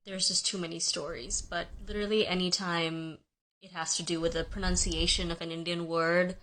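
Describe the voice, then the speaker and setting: Low-voiced woman, resigned and frustrated. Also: flat delivery, normal speed, a bit bright, low-quality recording. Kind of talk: casual story to camera.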